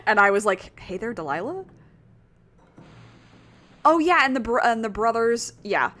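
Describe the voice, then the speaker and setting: A woman's voice: fairly high pitch, expressive, measured pace, a bit bright. A woman streaming a video game and chatting casually with viewers, rambling and self-deprecating, with lots of fillers. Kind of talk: casual gaming stream chat.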